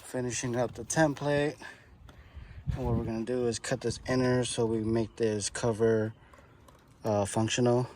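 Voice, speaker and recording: A man's voice: medium pitch, level tone, normal speed, darkish tone, a little hiss or hum. A man in a garage workshop, casually explaining a custom car part build step by step, with fillers. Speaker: car body shop builder. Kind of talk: casual how-to narration.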